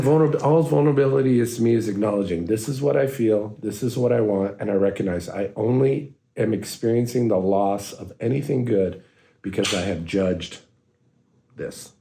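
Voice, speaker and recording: A man in his forties, a life coach, speaking in an earnest, reflective monologue with halting restarts. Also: mid-range voice, mellow. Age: 40s.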